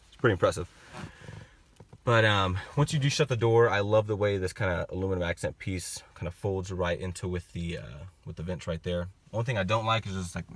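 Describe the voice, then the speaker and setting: Deep-voiced young man touring a car. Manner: relaxed, chatty, many fillers like "like" and "you know". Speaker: car reviewer. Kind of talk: casual product walkthrough. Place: inside a car.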